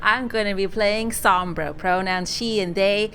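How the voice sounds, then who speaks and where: A woman's voice: medium pitch, fairly even intonation, a little slow, pushed and bright, soft background music. Playful woman player, bubbly. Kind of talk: casual chat.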